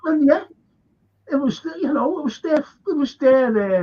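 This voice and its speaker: High-voiced Liverpool man telling history yarns. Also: lively intonation, a little slow, mellow, lo-fi sound. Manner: rambling anecdotes, acts out quoted voices. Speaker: local historian. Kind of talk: livestream storytelling chat.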